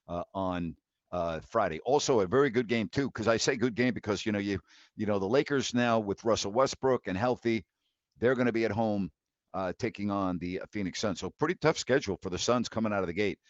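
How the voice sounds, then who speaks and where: On a dry, dull lo-fi mic with no echo, a fifty-something man runs a live call-in sports show. He rants bluntly in a lowish voice, laughing in disbelief and restarting his sentences often.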